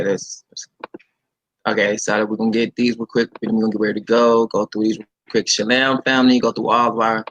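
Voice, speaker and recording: A man's voice: lowish voice, fairly bright tone, lo-fi sound. A man preaching casually on a livestream, talking straight to his viewers, reading scripture aloud and commenting on it, with emphatic repetition.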